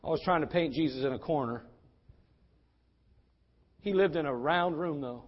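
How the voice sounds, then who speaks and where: Male pastor, high voice, fiery sermon delivery, muffled lo-fi sound. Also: normal speed. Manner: fiery, swings from quiet to shouting.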